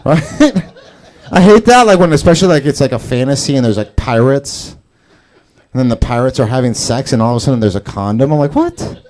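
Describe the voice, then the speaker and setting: A man's voice: medium pitch, animated, brisk, darkish tone. A man doing open mic stand-up, rambling and profane, laughing at his own jokes. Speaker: stand-up comedian. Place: comedy club stage.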